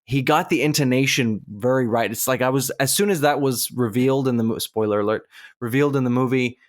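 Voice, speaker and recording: A man co-hosting a casual podcast, reading out scores in a measured, methodical way. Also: mid-range voice. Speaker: podcast co-host running a rating game. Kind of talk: casual chat.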